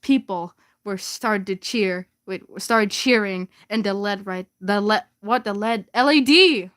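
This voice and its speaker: A woman's voice: medium pitch, a little slow, a bit bright. A young woman casually reading her old fanfiction aloud for laughs, giggling and stumbling over the words.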